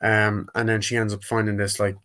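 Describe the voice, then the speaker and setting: Rambling low-voiced man retelling a film. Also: little pitch movement, brisk, sharp tone. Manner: rambling, retells scenes and acts out quotes in put-on voices. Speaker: movie reviewer. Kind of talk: casual spoken movie review.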